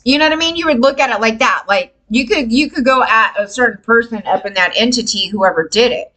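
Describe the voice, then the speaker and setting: A woman vlogger ranting casually to camera, frustrated and animated, swearing freely and mimicking others. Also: on the high side, a little fast, hardly any pauses, poor audio.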